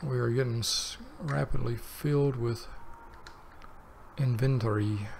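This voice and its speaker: A man's voice: mid-range voice, steady tone, unhurried, gravelly, darkish tone, slight background noise. A man hosting a let's play, chatting casually to himself as he plays and drifting between the game and personal tangents. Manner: rambling, talks to himself while playing. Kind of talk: casual gameplay commentary.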